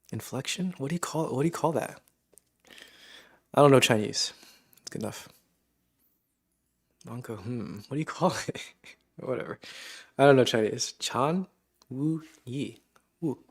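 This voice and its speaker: A man's voice: mid-range voice, creaky. A man on a live stream reacting casually to a video and memes, musing aloud and chuckling as he talks to himself.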